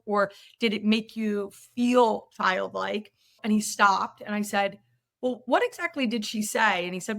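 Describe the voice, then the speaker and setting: A woman podcast host and myofunctional therapist telling a story in conversation, acting out the quoted dialogue with energy. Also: mid-range voice. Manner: animated, acts out quoted dialogue in her stories.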